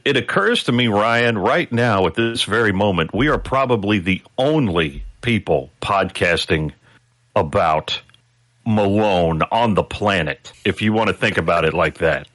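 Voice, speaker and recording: A man's voice: fairly low pitch, expressive, unhurried, a bit bright, dry recording. A man guest-hosting a podcast, talking in a casual, thoughtful and wry way. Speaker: guest co-host.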